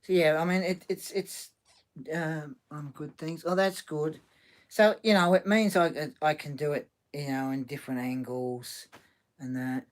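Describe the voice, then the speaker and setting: Slow, halting man on a livestream. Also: on the high side, fairly even intonation. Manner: halting, many restarts and fillers, reads chat comments aloud. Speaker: livestream host reading chat. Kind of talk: casual livestream chat.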